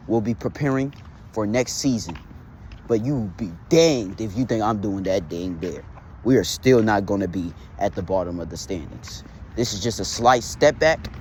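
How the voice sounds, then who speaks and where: A man's voice: medium pitch, a little mellow, a little hiss or hum. A young man managing a fantasy league team, delivering a heated, mocking rant full of repetition. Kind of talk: casual trash-talk rant.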